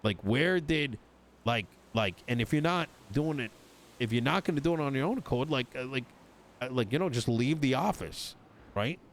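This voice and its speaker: A man's voice: medium pitch, lively intonation, moderate pace. Man, exasperated, cursing a lot, roleplay rant, faint hiss behind. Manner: exasperated, swearing, retelling an argument with quoted dialogue. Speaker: roleplayer voicing a politician character. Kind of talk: in-character roleplay chat.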